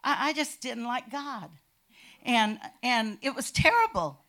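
An older woman from California telling her family's faith testimony in a lively storytelling way that swells into shouting. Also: a little high, unhurried. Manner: animated storytelling, bursts into shouting. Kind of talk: personal testimony.

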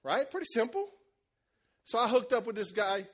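A man preaching a sermon, telling a lively story and acting out the voices of the people in it, with shouts at the high points. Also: moderate pace. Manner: animated, acts out voices, shouts at peaks. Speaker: pastor.

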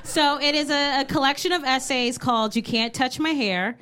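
A young woman co-hosting a live comedy podcast on stage, chatting playfully and breaking into loud exclamations. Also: sits high, normal speed, background noise. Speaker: podcast co-host. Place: live stage show before an audience.

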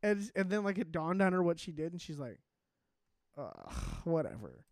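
A young man co-hosting a podcast, telling stories in a casual, animated way and acting out the people he quotes. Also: high-pitched, fast talker, no echo, studio quality. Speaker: podcast co-host. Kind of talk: casual chat.

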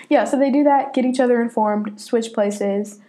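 A young woman co-hosting a casual chat, playful and quick to act out characters in silly voices. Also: a little high, dark tone. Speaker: co-host.

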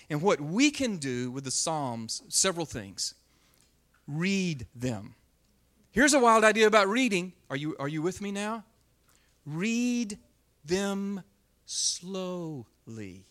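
A high-voiced man teaching the Bible swings from forceful emphasis to soft, almost whispered lines. His delivery is expressive, and he varies his pace on purpose.

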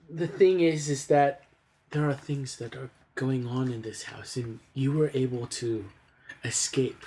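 A jittery young maid who whispers her secrets in fits and starts, stammering and doubling back on her words, as a man puts her on in a tabletop game. She sits at a middling pitch and slips into a hush whenever she thinks she might be overheard. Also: fairly even intonation, slow, long pauses, slight background noise, close to an everyday voice. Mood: urgent. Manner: hesitant, stammering, hushed. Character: nervous secretive young female servant.

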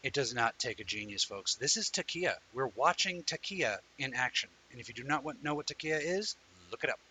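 This man hosts a live online talk show, greeting viewers by name as he rambles casually and tells stories with animation. His mid-range voice is bright, forceful, and husky, moving fairly quickly, though the recording quality is low.

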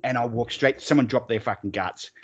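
A man's voice: mid-range voice, brisk, slightly rough. Rambling Australian man, dull sound. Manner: rambling, sweary, laughing storyteller. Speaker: podcast co-host. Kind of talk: casual chat.

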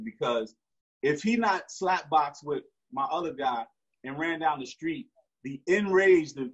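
A man's voice: a little high, a bit bright, slightly rough. A man, telling a story in slangy street talk with frequent restarts. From Newark, New Jersey. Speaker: interview guest. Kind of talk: casual storytelling. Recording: dull lo-fi recording.

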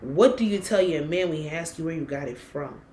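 A woman's voice: sits low, animated, a little fast, roomy sound, a crowd in the background. A woman co-hosting a podcast in casual, blunt chat, swearing freely. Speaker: podcast co-host.

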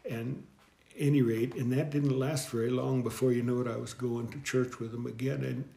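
A middle-aged man telling his life story in an interview, rambling and halting, with frequent chuckles. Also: mid-range voice, level tone, vocal fry, mellow. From American Southwest. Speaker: guest deacon. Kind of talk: storytelling in conversation. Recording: echoey room.

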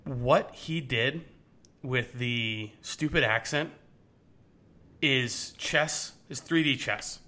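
A man's voice: mid-range voice, drawn-out words, bright, forceful tone. A young man co-hosting a sports podcast, chatting casually and rambling with many restarts. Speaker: podcast co-host.

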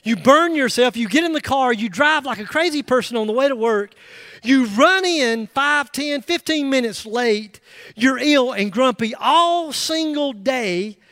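High-voiced middle-aged male pastor, emphatic sermon delivery with loud peaks and humorous asides, dry close sound. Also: expressive, unhurried, no room sound. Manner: emphatic, rising to loud bursts with joking asides.

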